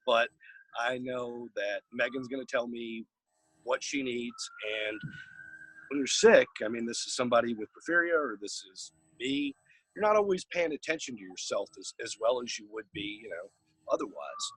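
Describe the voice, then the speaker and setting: Husky-voiced man from Chicago, rambling. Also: mid-range voice, moderate pace, no echo, poor audio. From Chicago area. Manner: relaxed, rambling, many fillers. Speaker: caregiver partner. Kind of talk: casual personal sharing on a group call. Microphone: video call.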